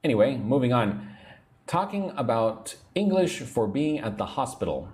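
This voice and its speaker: A man teaching an English lesson on a livestream, chatting, reading out viewer comments, and drilling words slowly. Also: mid-range voice, big pitch swings, a little mellow. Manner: chatty, reads viewer comments aloud, slow drilled pronunciation.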